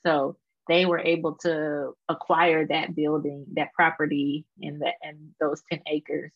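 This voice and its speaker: A woman's voice: sits low, little pitch movement, measured pace, no echo, highs cut off. Chatty woman with a Houston Texas accent. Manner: chatty, frequent fillers and laughter. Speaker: guest artist. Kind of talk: casual interview conversation.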